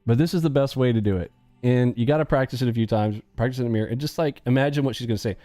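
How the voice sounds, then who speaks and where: A man hosting a live stream in casual chat, joking and animated, acting out quick bits of dialogue. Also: medium pitch, no echo, faint music behind.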